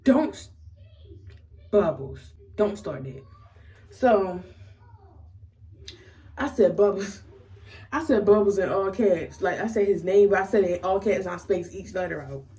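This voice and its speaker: A young woman with a Maryland accent, telling a casual storytime to her camera in a slangy, animated way. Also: medium pitch, normal speed, long pauses, recorded from a distance, low-quality recording. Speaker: vlogger.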